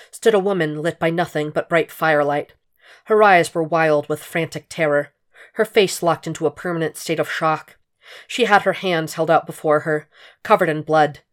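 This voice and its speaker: A woman narrating a fan fiction story in a steady, intense audiobook reading. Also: sits low.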